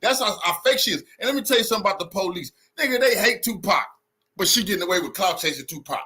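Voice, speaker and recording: Male commentator, husky and bright-toned, profane outraged reaction rant. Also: high voice, expressive, fast talker. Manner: blunt, profane, repetitive, outraged.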